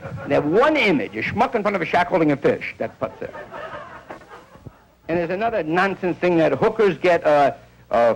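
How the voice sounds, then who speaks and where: A man's voice: fairly high pitch, big pitch swings, normal speed, creaky, long pauses, a little hiss or hum, low-quality recording. A man doing a rambling stand-up comedy monologue, telling stories and acting out bits of dialogue.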